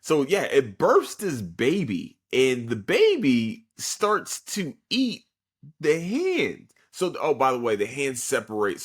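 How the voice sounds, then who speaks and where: A young man hosting a podcast, casually recapping an anime episode in an excitable, profane way with lots of fillers. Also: low voice, husky. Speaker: podcast host.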